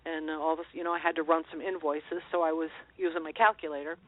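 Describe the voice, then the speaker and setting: A woman's voice: sits low, flat delivery, fast, no echo. Earnest woman on a tinny phone line. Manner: earnest, meandering storyteller. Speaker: interview guest. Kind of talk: telling personal stories in a call-in interview.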